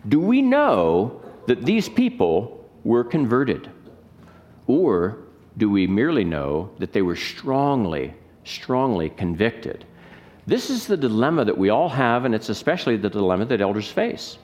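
A man's voice: medium pitch, sing-song, a little slow, darkish tone. A man, a pastor, preaching a sermon with emphatic rhetorical questions and scripture reading.

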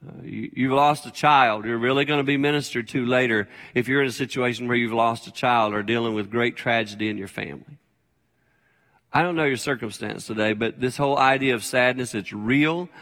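A man's voice: medium pitch, fairly even intonation, brisk, a bit bright. An older man preaching a sermon as a pastor, conversational and plain-spoken, repeating his key phrases. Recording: long hall reverb.

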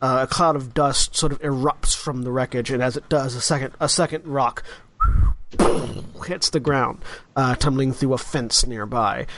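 A man running a tabletop game as game master, describing scenes in an unhurried, descriptive way. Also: medium pitch, fairly even intonation, very noisy.

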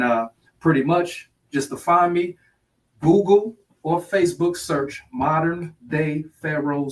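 A man's voice: mid-range voice, distant mic, rough recording. A man speaking as a podcast guest in a preachy, motivational way, repeating his sayings. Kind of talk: casual podcast talk.

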